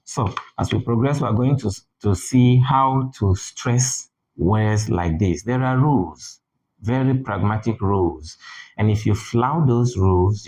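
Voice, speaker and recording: Slow, deliberate male English teacher. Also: on the low side, a little mellow, rough recording. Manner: slow and deliberate, repeating example words with exaggerated stress. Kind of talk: spoken phonetics lesson.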